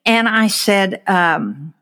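Woman storyteller, lively, voices the quotes in her story, casual chat. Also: mid-range voice, extremely slow. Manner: animated storyteller, acts out quotes, laughs while telling. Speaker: storyteller guest.

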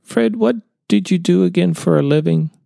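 A man's voice: high voice, moderate pace, gravelly, mellow, no room sound, studio quality, pitched above the performer's own voice. A man voicing an earnest young contractor who tells his story hesitantly in a storybook reading. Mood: polite. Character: earnest younger male contractor, unsettled by a sighting.

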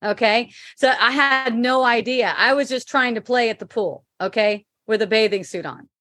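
A woman's voice: on the high side, normal speed, a bit bright, no echo, studio quality. A middle-aged woman hosting a casual spiritual chat, reading viewer comments aloud, laughing often and swearing freely.

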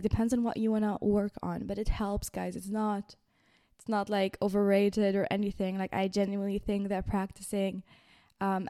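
Young woman podcast host, chatty self-help pep talk, relaxed warm tone, dry close mic. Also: medium pitch, no echo. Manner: chatty and expressive, many "like"s, addresses listeners as "guys".

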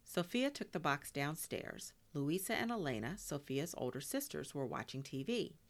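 A woman reads a children's storybook aloud in a low, gravelly voice. Her delivery is lively and full of expressive turns, with Spanish words dropped in. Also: normal speed.

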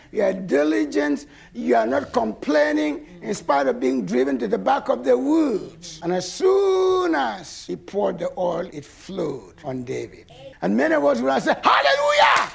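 A man in his sixties preaching a sermon with emphatic shouted bursts and laughing asides. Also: high voice, gravelly.

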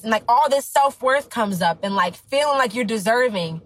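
Husky high-voiced woman coach hyping her audience. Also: moderate pace, few pauses, fairly bright tone, low-quality recording. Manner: emphatic, preachy, slangy. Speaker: business coach. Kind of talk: motivational talk to her audience.

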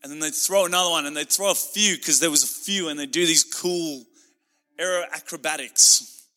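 Male pastor preaching with passion, slightly high, bright, forceful delivery. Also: moderate pace, long reverb tail. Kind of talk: sermon.

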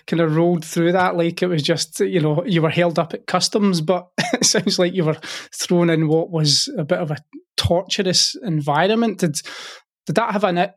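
A man's voice: high voice, moderate pace. A man hosting a podcast, asking questions casually and hesitantly, with restarts and rephrasing. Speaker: podcast host, interviewer. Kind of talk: casual interview.

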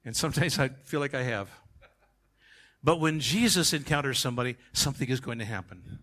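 Bright-voiced man preaching a sermon. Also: mid-range voice, a little fast. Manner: emphatic, swings from quiet asides to shouted climaxes. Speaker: pastor.

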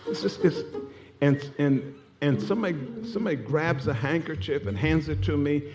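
A man's voice: fairly high pitch, expressive, normal speed. A man preaching a sermon in a church, telling stories with laughing asides and rising passion. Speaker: pastor. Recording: music playing behind.

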